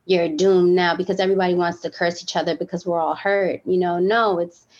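Woman on a podcast, kinda low voice, heartfelt and emphatic, "like" and "you know" everywhere, muffled sound. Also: little pitch movement, fast. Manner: heartfelt, emphatic, many fillers. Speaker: podcast guest. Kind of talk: candid podcast conversation.

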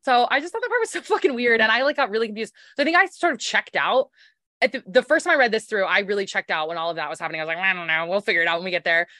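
A woman hosting a podcast in casual book-club chat, animated and laughing often, swearing freely. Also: mid-range voice, rapid-fire, no echo, clean studio sound. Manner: animated, laughing, swearing, puts on silly voices. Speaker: podcast host.

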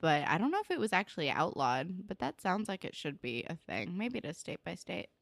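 A young New Jersey woman with a lowish, creaky, very animated voice, recorded dry. She co-hosts a podcast and is recapping a TV episode in loose, casual chatter, sprinkling in plenty of "like" and "um" along with quick asides.

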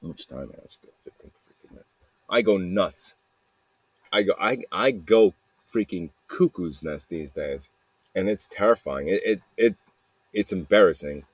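In a dry recording, a podcaster leaves a voice message, speaking animatedly and a little slowly in a low, breathy-edged voice. It's a casual, confessional ramble, repetitive and profane, sprinkled with "man" and "dude."

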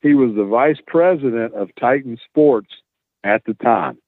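Man, animated storyteller, lively delivery, tinny dry line. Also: medium pitch, a little slow, no echo. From Tennessee, US. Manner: animated, acts out the dialogue. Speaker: guest, wrestler. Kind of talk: casual storytelling.

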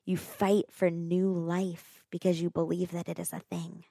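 A woman's voice: fairly low pitch, a little slow, gravelly, no echo, studio quality. A woman telling a personal story in an earnest, conversational way, often saying "like.". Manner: earnest, animated, often says "like".

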